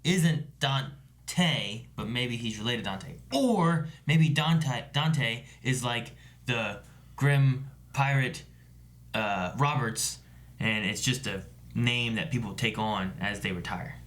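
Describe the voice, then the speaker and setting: A man's voice: mid-range voice, slow, fairly bright tone. A man co-hosting a casual reaction chat, laid-back and musing as he thinks aloud. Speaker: show co-host.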